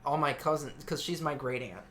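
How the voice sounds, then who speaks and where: A man's voice: a little high, brisk, fairly bright tone, slight background noise. A man in his twenties co-hosting a casual gaming chat, rambling and swearing freely. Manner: rambling, swears often, many fillers. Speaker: co-host.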